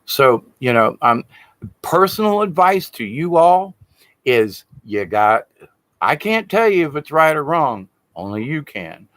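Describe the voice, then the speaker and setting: Male shaman teacher with a lively, swinging delivery, plain-spoken and blunt, who swears casually. Dry, close sound. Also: fairly high pitch, unhurried, no echo. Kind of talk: informal spiritual teaching monologue.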